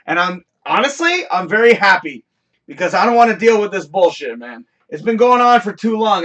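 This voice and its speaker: Animated, profane man ranting. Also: sits high. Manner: profane, animated storytelling with shouted outbursts. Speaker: podcast host; building concierge telling a work story. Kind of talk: casual rant on a live show.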